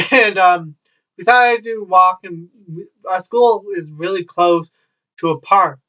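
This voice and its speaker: At home with a child nearby, a young vlogger rambles through casual stories at a measured pace, full of wry asides and swearing. His voice is high-pitched, bright, and forceful, and the recording is dull, lo-fi, and distant.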